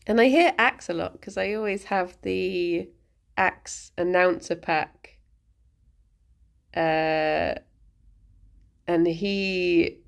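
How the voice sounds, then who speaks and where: A woman's voice: medium pitch, gravelly. A woman streamer chatting casually, rambling and giggling often as she talks.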